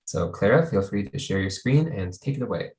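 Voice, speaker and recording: A man's voice: on the low side, lively intonation, brisk, a little mellow. A man hosting a seminar on a video call, reading a formal introduction in an orderly way. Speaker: seminar host and moderator. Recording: echoey room.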